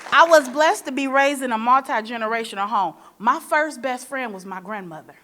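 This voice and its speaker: Woman from Michigan, forum moderator: preacher-like motivational delivery, playful storytelling, slightly high pitch. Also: moderate pace. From Michigan, USA. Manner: preacher-like, rhetorical questions to the audience; lively storytelling with playful asides. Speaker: panel moderator.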